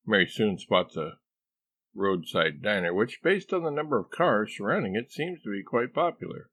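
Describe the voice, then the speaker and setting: A man reading a comic novel aloud as narrator, in a deadpan storytelling manner. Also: on the low side, moderate pace. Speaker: audiobook narrator.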